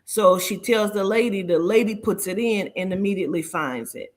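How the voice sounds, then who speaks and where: A woman telling a story in casual chat, animated and profane, acting out the dialogue. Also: mid-range voice, normal speed. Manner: animated, profane, acts out dialogue in shifting voices.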